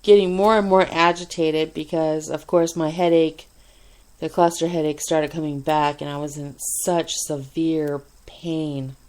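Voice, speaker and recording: A woman telling a personal hospital story in a casual, animated way, swearing often and laughing between lines. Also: deep voice, unhurried. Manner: animated, profane, frequent laughs and fillers. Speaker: radio show host telling a personal story.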